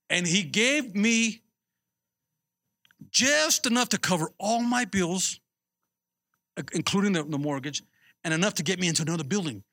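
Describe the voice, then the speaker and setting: A man's voice: high voice, moderate pace, pauses often. A man preaching as a pastor, telling a personal story and calling out to his congregation with repeated words. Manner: animated, repeats himself, calls out to the congregation.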